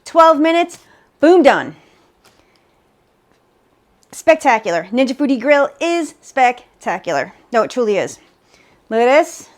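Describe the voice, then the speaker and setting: A woman hosting a home cooking video, narrating each step with upbeat enthusiasm. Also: sits high. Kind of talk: cooking demonstration.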